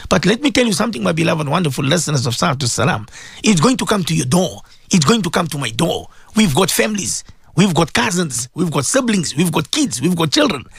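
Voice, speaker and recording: A man's voice: fairly high pitch, big pitch swings, fairly quick, gravelly, a bit bright, slightly rough, no echo. A man with a South African accent, a radio host and Muslim cleric, giving impassioned commentary full of repetition and rhetorical questions.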